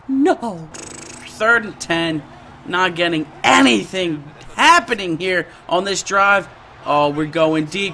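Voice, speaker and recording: A young man giving excited, slangy commentary over his own football video game, often shouting and laughing at big plays. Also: high voice, slow, slight background noise. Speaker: gaming YouTuber. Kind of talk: excited live gameplay commentary.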